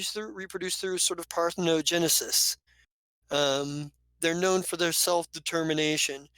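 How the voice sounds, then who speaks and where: Smooth-voiced man running a tabletop game. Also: a little high, a bit bright, no echo, low-quality recording. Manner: loose, rambling narration with fillers. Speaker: game master.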